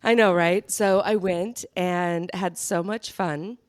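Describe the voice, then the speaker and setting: A woman's voice: on the low side, steady tone, slow. A woman co-hosting a podcast, telling stories in a bubbly, gushing casual chat. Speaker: podcast co-host.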